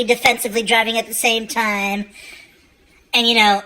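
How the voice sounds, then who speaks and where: A woman's voice: fairly high pitch, level tone, a little fast, sharp tone, rough recording. A woman doing a stand-up comedy routine, profane and rambling, full of fillers.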